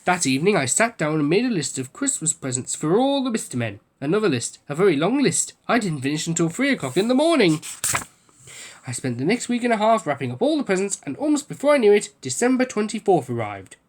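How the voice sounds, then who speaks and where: A man reading a children's picture book aloud, telling the story with lively delivery. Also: quick pace, a little hiss or hum. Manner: lively storytelling, raising pitch for quoted speech. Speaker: book reader.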